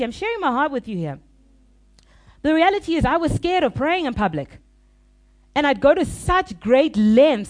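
A woman pastor preaching a sermon, telling a confessional story in an animated, laughing way. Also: high-pitched.

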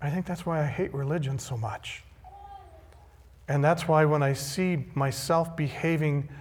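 A male pastor preaching a sermon, emphatic and deliberate, repeating key phrases. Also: fairly high pitch, darkish tone. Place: church sanctuary. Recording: long hall reverb.

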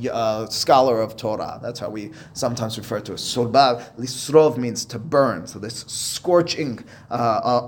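A man, a rabbi, teaching a Talmud lesson, reading Aramaic and Hebrew phrases and then explaining them step by step. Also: medium pitch.

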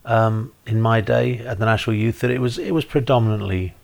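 A man's voice: on the low side, a little fast, vocal fry. A middle-aged British man with a neutral received-pronunciation accent, chatting casually as a guest, hesitant with many restarts and a dry understated tone. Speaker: actor, guest. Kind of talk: casual chat.

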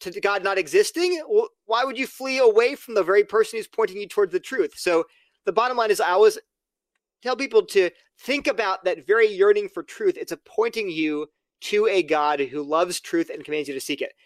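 A man's voice: high-pitched, fairly quick, no room sound. A man speaking as a podcast guest, explaining his view earnestly and acting out both sides of imagined exchanges. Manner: earnest, argumentative, acts out quoted dialogue. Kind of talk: casual podcast conversation.

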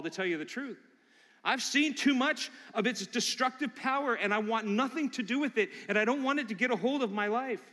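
A middle-aged male pastor with a high, bright voice delivers a sermon woven with personal stories. He talks in an animated way and slips into character voices for the people in his anecdotes. His voice rings out with the long reverb of a big church hall. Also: fairly quick.

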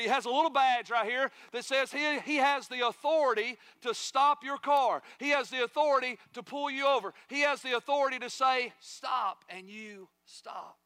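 A middle-aged male pastor preaching a sermon, building in intensity and dropping to soft hushed asides. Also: sits high, no room sound.

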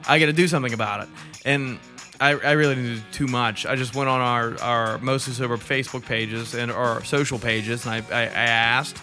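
A man's voice: medium pitch, fairly quick, pushed and bright, faint music behind. A man co-hosting a casual podcast, laughing often and swearing freely as he rambles through stories. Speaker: podcast co-host.

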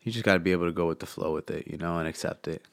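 A man's voice: sits low, fairly even intonation, rapid-fire, creaky, dry recording. A man telling loose travel stories in casual chat, with a swollen throat and a cough drop in his mouth, swallowing close to the mic. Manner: rambling storyteller, lots of "like" and "man". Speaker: podcast guest recounting travel. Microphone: close mic picking up swallowing.

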